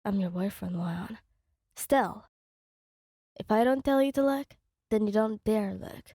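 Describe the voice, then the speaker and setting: A woman voicing a smug, teasing teenage boy in a fan audio story, with a lowered voice. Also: unhurried, warm tone, no room sound, clean studio sound. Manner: mocking, playful teasing.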